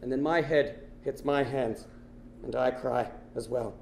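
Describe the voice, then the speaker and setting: A man telling a long personal story on stage as a stand-up comedian, animated and swinging from hushed lows to shouted bursts. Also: a little slow, vocal fry, echoey room. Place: stage before a live audience.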